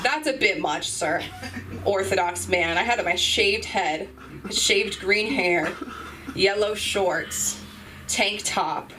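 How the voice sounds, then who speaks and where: A woman's voice: mid-range voice, takes it slowly, pushed and bright, far from the mic. A young woman hosting an open mic, doing a loose, rambling, self-mocking stand-up set with sudden yelps. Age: young adult. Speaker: open mic host and comedian. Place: comedy club stage. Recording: noisy room, voice from off mic.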